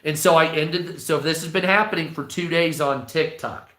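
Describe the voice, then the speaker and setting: Profane ranting man with a bright, echoey voice. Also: on the high side, moderate pace. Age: 40s. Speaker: livestream host. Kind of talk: casual livestream monologue.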